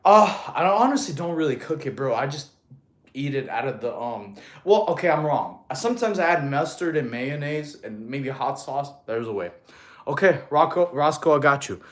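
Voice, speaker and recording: A man's voice: on the high side, expressive, normal speed. A fitness coach, a man, chatting casually on a live stream, reading viewers' comments aloud, joking, laughing often and calling people bro. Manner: counts out push-ups between answers.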